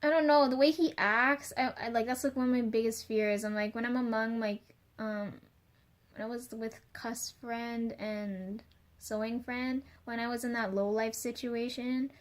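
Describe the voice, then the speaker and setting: A young woman with a fairly high voice, talking straight to the camera in a loose, rambling vlog rant. She swears freely and leans on fillers, restarting her thoughts as she goes. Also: steady tone, moderate pace. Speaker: vlogger. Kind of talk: casual confessional rant.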